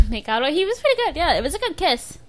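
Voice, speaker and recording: A young woman in her twenties chatting casually and telling a dating story with lively acted-out quotes. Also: high voice, quick pace. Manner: animated storyteller, acts out quotes, laughs a lot. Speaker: podcast co-host.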